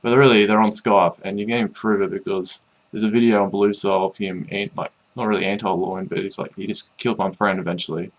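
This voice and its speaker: A man's voice: lowish voice, flat delivery, fast, hardly any pauses, low-quality recording. A young man casually telling a rambling, amused story about an online game, full of fillers and restarts.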